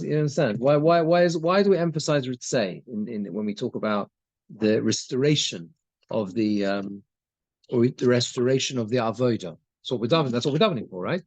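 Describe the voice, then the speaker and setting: A man's voice: medium pitch, a little mellow, dry recording. A man teaching a conversational Torah class as a rabbi, reading Hebrew phrases and translating them as he goes, with frequent restarts.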